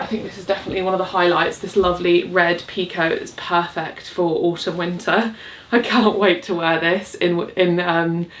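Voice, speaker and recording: A woman's voice: on the low side, fairly bright tone. A young woman chatting casually at home in a vlog, upbeat and rambling, with fillers. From England. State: out of breath. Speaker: vlogger. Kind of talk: casual chat. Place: home, cottage.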